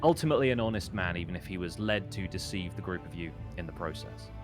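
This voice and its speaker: A man's voice: low voice, lively intonation, fast talker, over music. A man narrating a tabletop role-playing game as dungeon master, casual and filled with ums and restarts.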